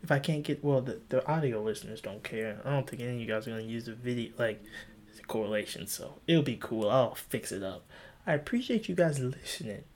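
A young man hosting a casual solo podcast, rambling through stories with swearing and voicing his past self in sudden high pitches. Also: animated, a little fast, darkish tone. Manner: rambling, swearing, voice jumps high when acting out his own past lines. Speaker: podcast host.

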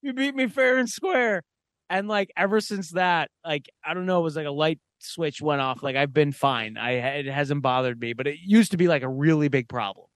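A man's voice: a little high, moderate pace, few pauses, clean tone, no room sound. A man co-hosting a podcast, telling a casual, profane, rambling story full of "like" fillers. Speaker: podcast co-host.

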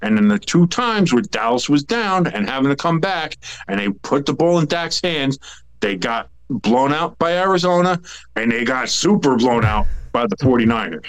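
A man co-hosting a sports podcast, talking in an animated, rambling, jokey way. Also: medium pitch, normal speed, clean tone. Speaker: podcast co-host. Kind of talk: casual sports chat.

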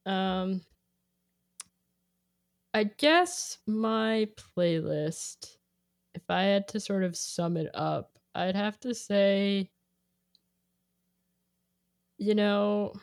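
A young adult woman chatting casually, rambling and filling her speech with "like", growing animated when she quotes herself. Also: medium pitch, drawn-out words, long pauses, no room sound, clean studio sound. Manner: rambling, heavy use of "like", animated when quoting. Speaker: guest sharing a playlist. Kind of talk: casual chat.

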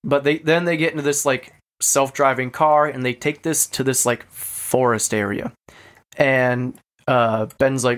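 A man's voice: medium pitch, fairly even intonation, moderate pace, a bit bright. Casual swearing podcast co-host, man. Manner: swears freely, lots of fillers, acts out quotes. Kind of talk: casual chat, retelling a story.

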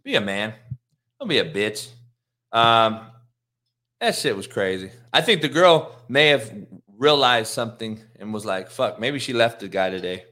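A middle-aged man hosting his show, telling a profane, animated story in a casual monologue. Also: lowish voice, a little slow. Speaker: host.

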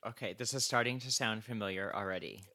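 A man co-hosting a podcast, reacting in casual chat with short replies and quick asides. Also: fairly low pitch, pushed and bright. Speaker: podcast co-host.

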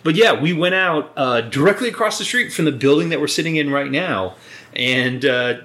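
A man's voice: fairly high pitch, expressive, moderate pace, sharp tone. A man co-hosting a podcast in casual chat, laid-back and enthusiastic, swearing freely. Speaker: podcast co-host. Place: indoor recording room.

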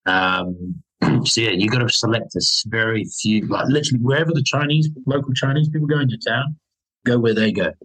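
A man's voice: medium pitch, brisk, a bit bright, slightly rough, low-quality recording. A man in a casual podcast chat, talking about his travels in an enthusiastic, rambling way with many fillers. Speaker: podcast guest, overland traveller.

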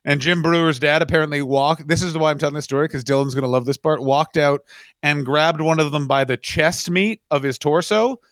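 A man co-hosting a comedy podcast, teasing his partner and telling stories with deadpan jabs. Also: a little high, fairly quick, no room sound, clean studio sound. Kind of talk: casual comedic chat.

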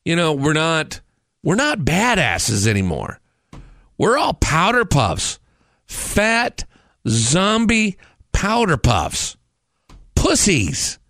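A man in his forties, the host, takes his time with a slightly high voice as he spins stories and profane, animated rants in a comedic vein. The audio is studio quality with no room sound.

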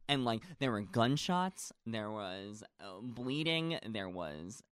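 A man's voice: on the low side, big pitch swings, slow, a bit bright, clear, resonant tone, no room sound, clean studio sound. A man in a casual chat, a stage actor talking at length, gushing and rambling with lots of fillers.

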